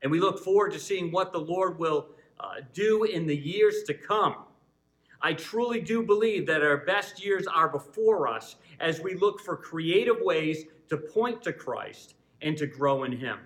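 A man's voice: a little high, animated, unhurried, fairly bright tone, rough recording. A male pastor speaking earnestly to his congregation, introducing a guest speaker and leading a prayer. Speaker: church pastor introducing a video message. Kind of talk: church announcements and prayer.

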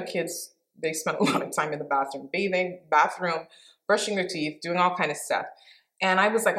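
A woman's voice: lowish voice, a bit bright. Earnest woman giving devotional teaching. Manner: earnest and emphatic, repeats key phrases; pauses and restarts with fillers. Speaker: Christian teacher and mother.

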